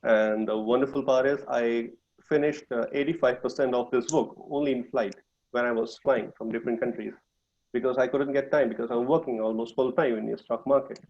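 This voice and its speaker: A man's voice: medium pitch, steady tone, brisk, a little mellow. A man from North India with a North Indian English accent, a guest speaker and author talking casually in an online session, with many hesitations and filler sounds. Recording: dull lo-fi audio.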